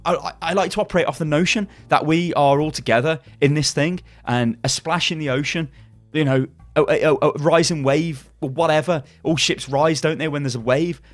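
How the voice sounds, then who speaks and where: A YouTube gaming channel host with a slightly high voice rants angrily at normal speed in a commentary video, swearing heavily and restarting often. The recording has no room sound, with faint music behind him.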